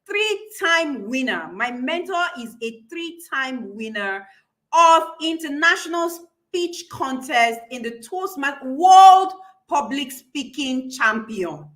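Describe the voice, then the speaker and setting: A woman's voice: high voice, sing-song, takes it slowly, a bit bright. Emphatic woman public speaking coach. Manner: emphatic, repeats key phrases, laughs between points. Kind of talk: live-streamed class.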